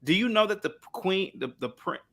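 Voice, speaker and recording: Man, podcast guest, bright voice, raised pitch, emphatic, profane storyteller. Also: animated, brisk. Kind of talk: casual podcast chat.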